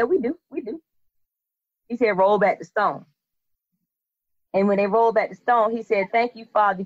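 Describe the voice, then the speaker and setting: A woman's voice: medium pitch, no echo. A woman podcast host telling a Bible story casually, acting out the characters with slangy quoted voices. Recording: dull lo-fi, dry sound.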